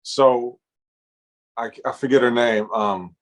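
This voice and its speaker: A man's voice: mid-range voice, fairly even intonation, slow. A man from Los Angeles, co-hosting a casual podcast, laid-back and hesitant as he searches for words. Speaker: podcast co-host.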